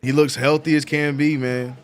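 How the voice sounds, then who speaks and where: A man hosting a live sports watch-along, chatting casually and excitably with lots of slang and repeated "bro". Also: a little high, normal speed, over music. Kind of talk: casual live-stream chat.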